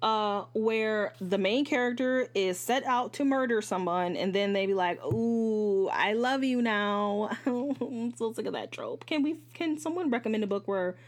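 A woman's voice: a little high, normal speed, few pauses. Chatty, frank woman reviewing books. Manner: candid and chatty, swears freely; animated, jumps between asides and self-corrections. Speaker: podcast host reviewing books. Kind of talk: casual book review monologue.

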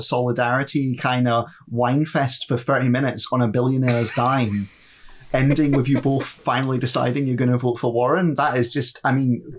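A man, co-hosting a casual, sweary political chat and ranting sardonically. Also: medium pitch.

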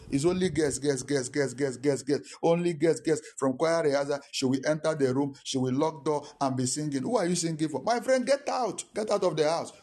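Animated preacher man. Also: fairly high pitch. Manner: animated, repetitive, call-and-response preaching. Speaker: pastor. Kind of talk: sermon.

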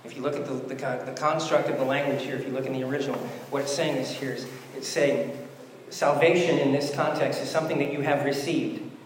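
A man's voice: mid-range voice, fairly even intonation, fairly quick, a little hiss or hum. A man preaching a sermon, conversational, asking rhetorical questions as he works through scripture. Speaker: pastor. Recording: echoey hall with long reverb.

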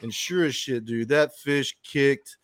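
A man's voice: mid-range voice, slow pace. A man hosting a fishing podcast, telling a long story in casual chat, rambling and swearing often. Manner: rambling, profane, with frequent restarts.

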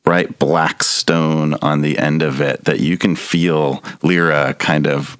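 Deep-voiced man running a tabletop game. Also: no echo, studio quality. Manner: relaxed, halting, with many fillers and restarts. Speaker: game master.

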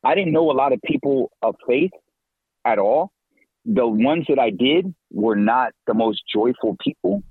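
Middle-aged male evangelist guest, slangy and animated; husky, dry and tinny like a phone. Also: a little slow, no echo. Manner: animated, slangy, pitch leaps when excited. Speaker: podcast guest, evangelist and campus minister. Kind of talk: casual faith talk.

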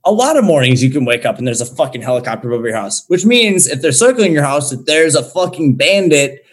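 A young man telling a story in casual chat, swearing a lot and talking in an animated way. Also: a little high, quick pace, slightly rough. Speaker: guest.

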